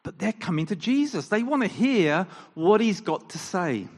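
A man preaching a sermon in an animated style, firing off rhetorical questions and acting out quoted lines. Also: high voice, normal speed. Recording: long reverb of a large hall.

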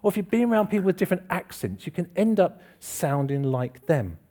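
Lively, chatty preacher. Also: male voice, sits high, a little fast. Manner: chatty, self-deprecating, asks the congregation questions. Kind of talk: informal church sermon. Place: church hall with congregation.

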